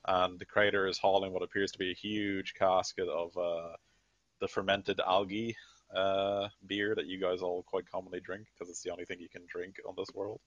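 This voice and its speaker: A man with a very low voice narrates a tabletop game as game master, rambling along with lots of fillers. The recording is dry and dull, like a lo-fi mic. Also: flat delivery, normal speed, fairly bright tone, dry recording.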